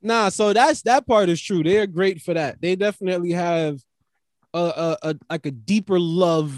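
High-voiced New man, casual. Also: normal speed, dry recording. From New York. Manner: casual, profane, reflective. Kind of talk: casual chat.

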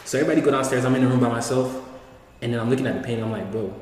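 A man's voice: medium pitch, very fast, a little mellow. A young man telling a rambling story in casual slang, acting out what people said. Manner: slangy, rambling, acts out quoted lines. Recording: echoey room, distant mic, faint hiss.

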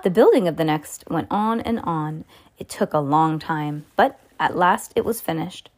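Woman storyteller reading a children's book, expressive. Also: sits low, normal speed.

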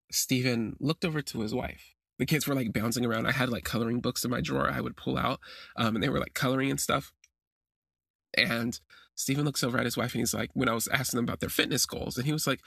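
A man hosting a confessional podcast, telling a personal story with animated bursts when he acts out his reactions, recorded on a phone. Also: creaky, no echo, studio quality. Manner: animated, jumps high when acting out his own reactions. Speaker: podcast host.

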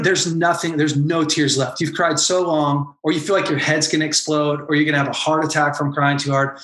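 A man's voice: fairly high pitch, level tone, fairly quick, hardly any pauses, fairly bright tone, roomy sound. A man and former pastor, talking as a podcast guest and telling an emotional personal story with earnest intensity. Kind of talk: candid podcast conversation.

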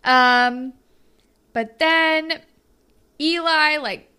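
A woman's voice: sits high, very slow. A young woman co-hosting a casual chat, laughing often and acting out lines as she recaps a TV episode. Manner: giggly, animated, acts out quotes. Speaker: podcast co-host.

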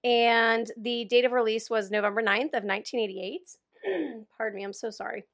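Bright-voiced, chatty young woman. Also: a little high, normal speed. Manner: chatty, swears freely, laughs often. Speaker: podcast co-host. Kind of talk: casual chat.

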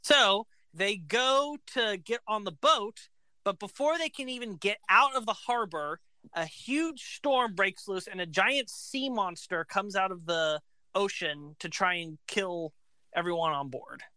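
A woman casually retelling an opera plot, animated and acting out the characters' lines. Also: mid-range voice, unhurried, no room sound.

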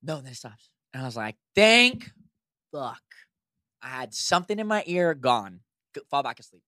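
Young man, podcast co-host, bright voice, lively swooping delivery, casual storytelling, swears a lot. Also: mid-range voice, moderate pace, no echo, clean studio sound. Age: young adult. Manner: animated, swears freely, acts out his own reactions.

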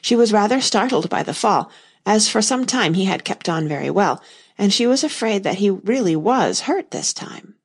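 A woman narrating a storybook as an audiobook reader, steady and unhurried. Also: medium pitch, husky. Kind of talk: scripted narration.

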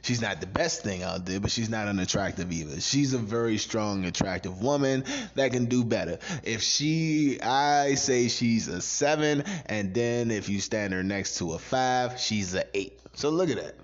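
A man co-hosting a podcast, ranting profanely in a casual, animated way and laughing often. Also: fairly low pitch, moderate pace, few pauses. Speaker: podcast co-host. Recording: dull lo-fi sound.

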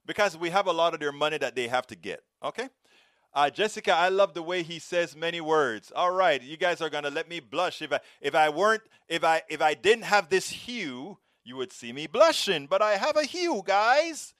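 A middle-aged man from Panama with a Panamanian Spanish accent, hosting a live stream and reading viewer comments, rolling his R's in a lively, expressive way. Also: fairly high pitch, moderate pace, no room sound, studio quality.

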